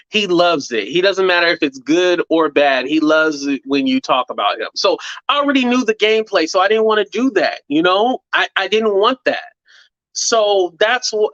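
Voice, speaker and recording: A man's voice: sits high, dry recording, muffled recording. A man hosting his own commentary channel, talking casually and animatedly to viewers, with profanity and acted-out quotes. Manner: animated, acts out quotes in mocking voices; profane, conversational, says "blah, blah". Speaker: YouTube commentary host.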